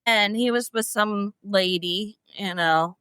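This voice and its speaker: A middle-aged woman, a podcast guest, telling stories in an animated, expressive way. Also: medium pitch, takes it slowly, clear, resonant tone, dry recording. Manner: animated, expressive, often laughing. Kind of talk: emotional storytelling.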